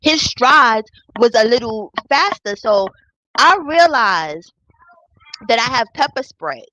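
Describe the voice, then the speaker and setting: A woman's voice: on the high side, takes it slowly, no room sound, rough recording. A young woman telling a profane personal story in a casual storytime vlog, acting out the voices of the people in it. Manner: animated, acts out quoted voices, profane.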